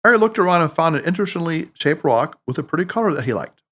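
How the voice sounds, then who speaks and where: A man, the podcast host, reading his own book aloud with expressive, audiobook-style narration. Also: on the high side, fast talker.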